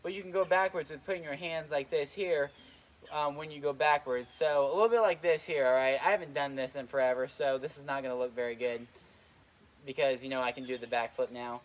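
A man's voice: mid-range voice, a little fast. A young man giving casual trampoline tips, rambling with lots of fillers and a little out of breath. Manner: rambling, lots of "like" and "kinda", repeats himself. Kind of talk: casual instructional vlog. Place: outdoors on a trampoline.

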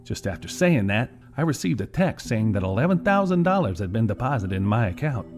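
A man narrating a first-person story in a wry, deadpan way. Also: medium pitch, a little fast, faint music behind.

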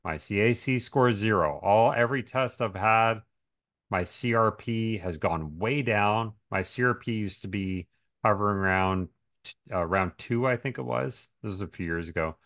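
A man's voice: on the low side, normal speed, fairly bright tone. A man in casual podcast conversation, talking emphatically and asking rhetorical questions. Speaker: podcast speaker on diet and health.

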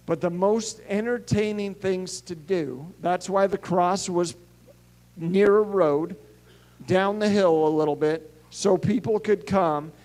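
A middle-aged male pastor preaching a sermon, telling stories and swinging between hushed and emphatic delivery. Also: high voice, slow.

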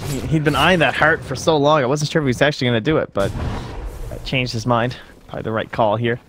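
Male esports caster, quick casual play-by-play, faint background hiss. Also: mid-range voice, fairly even intonation, a bit bright. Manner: fast, casual analytical caster talk with slang. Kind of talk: live game commentary.

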